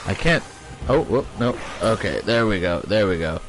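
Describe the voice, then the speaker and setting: Lively, joking young man playing a game. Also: fairly low pitch, moderate pace. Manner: joking, profane, rambling. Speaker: gaming streamer. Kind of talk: casual let's-play commentary. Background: loud game audio with music.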